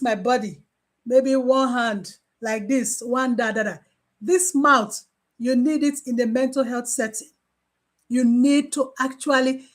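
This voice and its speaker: With a high-pitched voice, a mental health nurse gives an informal training talk, acting out her interactions with patients. She is animated and repeats key phrases to stress them.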